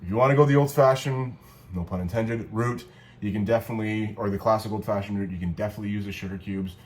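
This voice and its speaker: This cocktail video co-host speaks quickly in a fairly low voice, with a bit of background noise behind him. Chatting casually at home while demonstrating a drink, he wanders off track, cracks jokes and corrects himself.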